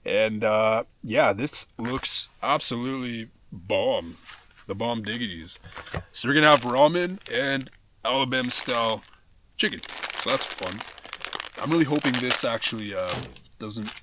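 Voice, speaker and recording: A young man casually vlogging from a wilderness campsite, talking with loose slang and swearing, easily excited. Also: mid-range voice, unhurried, slight background noise. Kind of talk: casual camping vlog.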